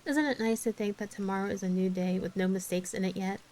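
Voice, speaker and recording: A woman's voice: mid-range voice, steady tone, fast, darkish tone, lightly acted. Woman reading as a tearful dramatic orphan girl. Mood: forlorn.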